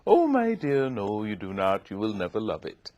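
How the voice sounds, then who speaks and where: An older woman with a Southern accent voicing a gracious elderly Southern lady teacher in a rich, plummy, sing-song voice, with slow, precise diction. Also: extremely low pitch, huge pitch swings, dark tone, dull audio, exaggerated voice. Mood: gracious, coaxing.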